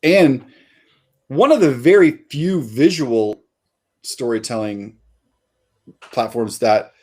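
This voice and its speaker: A man's voice: medium pitch, animated, slow pace, darkish tone. A man, a comic artist guest, chatting casually in an interview and rambling with many fillers and restarts.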